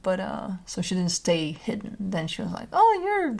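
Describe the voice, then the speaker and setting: A woman's voice: on the low side, fairly even intonation, normal speed, creaky, a little mellow. A woman host chatting casually and talking baby talk to her pets, with frequent laughter and a doting manner. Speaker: tarot reader host. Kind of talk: casual chat.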